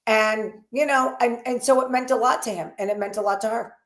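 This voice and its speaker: A woman's voice: on the high side, brisk. Echoey woman gossip storyteller. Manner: lively storyteller, acting out quoted dialogue. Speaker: co-host. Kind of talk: casual gossip livestream chat. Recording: echoey room.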